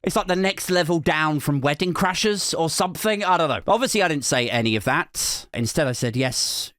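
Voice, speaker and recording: A man, a podcast host telling a comic story in a sweary, animated way, acting out other people's voices. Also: mid-range voice, normal speed, no echo, clean studio sound. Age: 40s.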